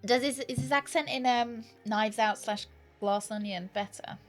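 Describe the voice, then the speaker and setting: A woman's voice: a little high, normal speed, faint music behind. A young woman with a British accent chatting playfully with her viewers while streaming a game. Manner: chatty, playful, teasing banter with chat. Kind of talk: casual let's-play chat.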